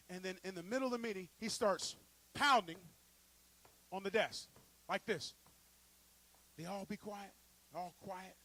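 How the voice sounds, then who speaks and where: A man preaching a sermon in a church, telling stories and building up to loud peaks. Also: sits high, rough recording. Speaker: pastor. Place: church sanctuary.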